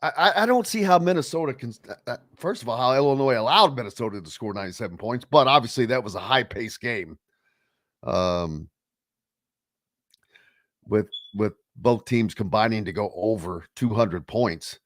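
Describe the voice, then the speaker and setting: On a laid-back sports talk radio show, the host rambles with lots of fillers and reads out comments from listeners. His voice is on the low side with a fairly bright tone, and he speaks at a moderate pace. The sound is studio quality with no echo.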